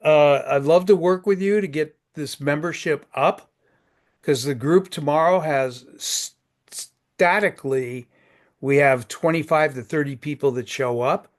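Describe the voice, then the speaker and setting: A man's voice: fairly high pitch, a little slow. A man in his sixties hosting a networking group on a video call, folksy and joking, often repeating his words.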